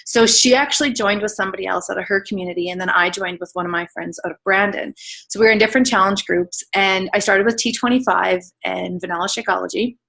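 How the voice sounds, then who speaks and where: A woman's voice: medium pitch, fairly even intonation, fast talker, gravelly, sharp tone, poor audio. A woman in her thirties shares her personal story on a team call. She talks in a candid, emotional, chatty way, with plenty of filler words and the occasional restart. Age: 30s. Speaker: guest telling her weight-loss story.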